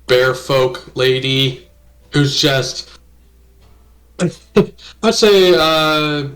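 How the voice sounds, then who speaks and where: A man running a tabletop game as game master, narrating casually with swearing and hesitant pauses. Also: fairly high pitch, a bit bright. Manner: casual, profane, halting with fillers.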